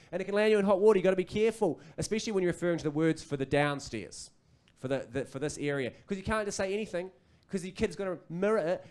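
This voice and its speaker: New Zealand comedian in his thirties. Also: sits high. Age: 30s. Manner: animated, acts out kids and parents. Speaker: stand-up comedian. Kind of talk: stand-up comedy set. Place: comedy club stage.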